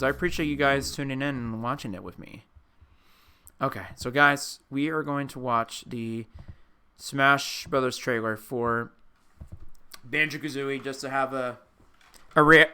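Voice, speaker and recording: Young man, live-stream chat, rambling, heartfelt, casual, clear background music. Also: medium pitch, sharp tone. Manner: emotional, rambling, addresses chat as dude. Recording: clear music playing behind. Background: music playing.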